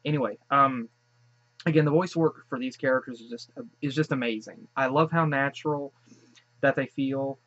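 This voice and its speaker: A man's voice: mid-range voice, moderate pace, fairly bright tone, no echo, muffled recording. A man giving casual reaction commentary on a cartoon episode. He gushes and rambles, restarting his sentences often. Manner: gushing and rambling, many restarts. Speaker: show reaction host.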